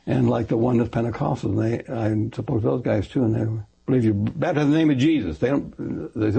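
An older retired pastor talks fast and at length in an interview. His voice is gravelly, husky and dark. He rambles, corrects himself and acts out the people he quotes. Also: medium pitch. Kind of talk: interview storytelling.

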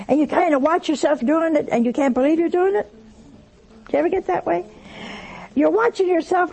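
Gravelly older woman telling a folksy sermon. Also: high voice, expressive, normal speed, a little mellow. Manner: folksy, chatty, acts out dialogue in different voices. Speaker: religious speaker. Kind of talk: storytelling sermon.

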